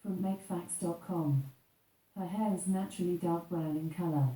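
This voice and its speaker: Brief: low, dark-toned synthetic female assistant, even delivery, heard from across an echoey room. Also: normal speed, distant mic. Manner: even, informational reading.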